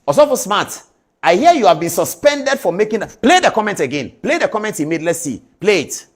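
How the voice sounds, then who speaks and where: Husky man telling a story animatedly. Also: high voice, big pitch swings, fairly quick. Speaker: commentator. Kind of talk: talk show commentary.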